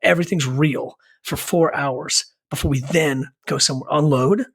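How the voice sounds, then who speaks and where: A man's voice: a little high, moderate pace, fairly bright tone, slightly rough. A middle-aged man, a punk band singer who is a podcast guest, telling a long rambling story in casual chat, with many fillers and asides. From Richmond, Virginia, US.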